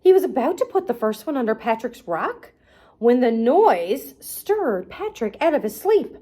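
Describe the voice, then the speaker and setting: A woman's voice: fairly high pitch, big pitch swings, a little slow, warm tone. Sing-song woman reading to kids. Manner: sing-song, playful, talks to kids directly. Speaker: children's arts and crafts host. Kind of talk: storybook read-aloud for children.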